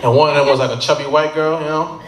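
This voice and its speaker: Brief: a male stand-up comic on a handheld mic, slightly high voice, booming back from a noisy brewery room. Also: quick pace. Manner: animated storytelling with punchlines. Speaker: stand-up comedian. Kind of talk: stand-up comedy set. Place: bar stage at a brewery. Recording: echoey noisy bar room.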